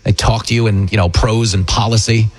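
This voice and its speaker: A man's voice: lowish voice, steady tone, fairly quick. A middle-aged man hosting a political talk radio show, delivering a sarcastic, mocking monologue that slips into put-on voices.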